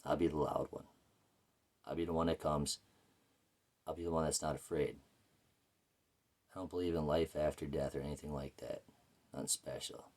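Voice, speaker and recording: A man's voice: extremely low pitch, fairly even intonation, moderate pace, pauses often, a little mellow. A man telling a rambling, profane story about his life in a casual, blunt way. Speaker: vlogger.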